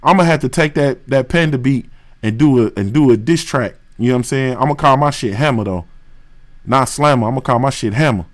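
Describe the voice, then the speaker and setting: A boxing show host from Ohio, speaking. He rants on a livestream, heated and profane, loops back on his own phrases, and piles on street slang. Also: medium pitch. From West Dayton, Ohio, USA. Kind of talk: livestream rant.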